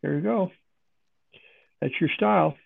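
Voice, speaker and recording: A man's voice: on the high side, a little slow, gravelly. Easygoing man on a thin phone-like line. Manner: easygoing, short replies. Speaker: podcast co-host. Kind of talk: casual chat.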